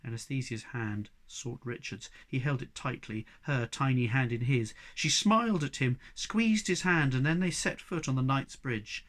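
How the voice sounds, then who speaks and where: Man, audiobook reader, measured, expressive storytelling, middling pitch. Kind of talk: audiobook narration.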